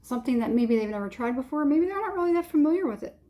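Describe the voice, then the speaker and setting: A woman's voice: high voice, animated, rapid-fire, mellow. A woman giving a casual tarot reading, rambling and hesitant, with many fillers and frequent chuckles. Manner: chuckles often. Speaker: tarot reader.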